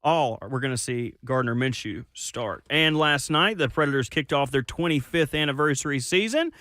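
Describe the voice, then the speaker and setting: Bright-voiced male sports update reader. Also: mid-range voice, no echo, clean studio sound. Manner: brisk, announcer-like. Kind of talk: scripted sports news read. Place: radio studio.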